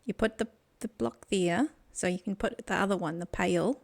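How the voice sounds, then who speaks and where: A woman's voice: mid-range voice, normal speed. A woman with a New Zealand accent chatting casually with her viewers on a game stream, giggling often, at a desk microphone. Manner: giggly, chatty, talks to chat. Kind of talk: casual gaming stream chat.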